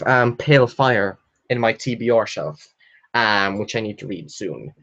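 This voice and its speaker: A young man hosting a casual live book chat from home, chatty and excitable, swearing freely and squealing with delight. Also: fairly low pitch, a little slow, dull audio. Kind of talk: casual livestream chat, reading out viewer questions. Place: at home, sitting in a chair.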